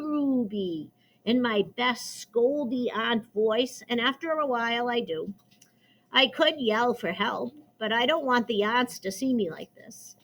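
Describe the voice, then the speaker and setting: Slow, bright woman reading a story aloud. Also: fairly high pitch, rough recording. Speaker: reader. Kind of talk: reading a children's novel aloud.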